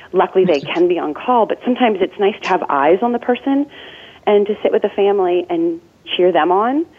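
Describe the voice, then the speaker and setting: Forties woman guest, lower voice, earnest and chatty, heard over a thin phone line. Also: slightly rough. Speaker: death doula and nurse. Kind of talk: conversational interview answers. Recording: tinny phone-line sound.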